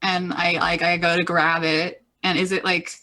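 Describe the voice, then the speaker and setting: A woman's voice: on the low side, little pitch movement, normal speed, pushed and bright, a little hiss or hum. A woman playing in a tabletop game, hesitant and thinking aloud. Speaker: player. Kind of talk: tabletop role-play.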